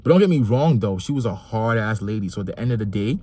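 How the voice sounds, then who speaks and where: A man's voice: on the low side, animated, fast, dark tone. Emphatic New man speaking his mind. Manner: emphatic, repeats phrases for stress. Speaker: vlogger and father. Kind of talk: passionate opinion monologue.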